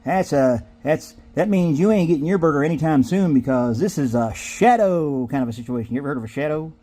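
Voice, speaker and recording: A man's voice: a little high, expressive, fairly quick, dark tone. A man telling a rambling comic story in a drawling, folksy way, acting out the people in it. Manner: drawling, folksy, digressive, acts out characters. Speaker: comedic storyteller.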